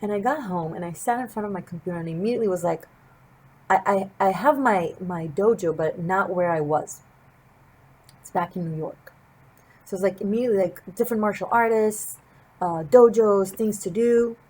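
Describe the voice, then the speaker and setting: A woman's voice: mid-range voice, normal speed, darkish tone, low-quality recording. A woman tarot reader and martial artist telling a personal story to her viewers in an earnest, reflective, wandering way. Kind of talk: casual storytelling to camera.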